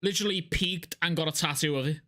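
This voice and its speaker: A young man reacting to a video with loud, profane, excitable banter. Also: a little high, fast talker. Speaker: YouTube reaction host.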